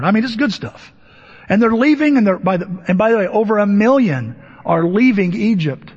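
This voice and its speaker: High, husky male preacher in a reverberant hall. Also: moderate pace. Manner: animated storytelling, acting out voices and asking the audience questions. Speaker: pastor. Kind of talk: sermon. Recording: dull, lo-fi audio with long hall reverb. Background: laughter from the congregation.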